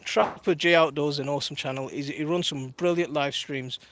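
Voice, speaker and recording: A man's voice: a little high, fairly even intonation, fairly quick, fairly bright tone. A man in his thirties chatting casually on a live stream from his garden while minding his toddler, laughing often and reading viewer comments aloud. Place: outdoors in a garden.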